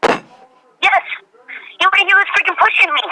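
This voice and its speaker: A woman's voice: extremely high pitch, unhurried, very noisy. A woman telling a mother's story in a heated phone conversation, agitated and profane, repeating herself often.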